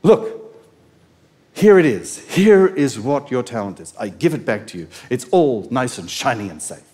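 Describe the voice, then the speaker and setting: A man's voice: medium pitch, very animated, measured pace, darkish tone, big-room sound, pitched below the performer's own voice. A man voicing a fearful, lazy male servant who mutters excuses in a sheepish, pleading way.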